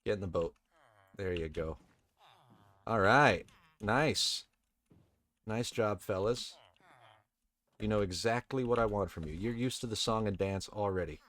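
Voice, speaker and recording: A man giving relaxed, casual commentary while playing a video game, chatting to the game characters and swearing now and then. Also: lowish voice, a little slow, pauses often. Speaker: let's play host.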